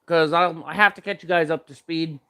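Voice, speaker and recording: A man's voice: on the high side, steady tone, a little fast, pushed and bright, clean tone. A young man chatting casually while tasting snacks, rambling with many fillers and talking with his mouth full. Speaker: vlogger.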